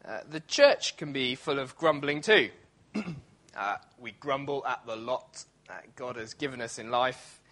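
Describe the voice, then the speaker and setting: A man preaches a sermon in church in a conversational style, full of fillers and restarts, sometimes acting out grumbling voices. His pitch is medium with lively intonation, the pace a little slow and the tone sharp.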